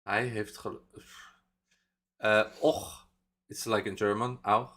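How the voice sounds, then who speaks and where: A Dutch-accented man hosts a live reaction stream in a loose, chatty way. His voice sits a little low, and he wanders through explanations, full of fillers and small laughs. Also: steady tone, slow pace, bright, forceful tone. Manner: rambling, many fillers, chuckles while explaining. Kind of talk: casual live reaction chat.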